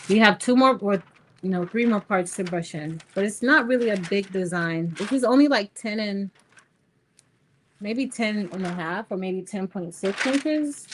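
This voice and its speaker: A woman's voice: medium pitch, expressive, a little slow, slight background noise. Chatty woman hosting a craft stream. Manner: chatty, storytelling, talks to viewers as y'all. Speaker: craft livestream host. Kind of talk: casual chat while crafting.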